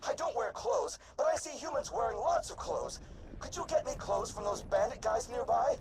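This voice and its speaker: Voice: sits high, sing-song, moderate pace, creaky, background noise, full character voice. An actor voicing a childlike robot who longs to become human, talking eagerly in simple, cheerful phrases.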